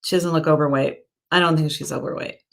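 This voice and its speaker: A woman with a deep, gravelly voice and steady tone speaks quickly while giving psychic readings on a live stream. Chatty and searching, she reads viewer comments aloud and fills her speech with fillers and self-corrections.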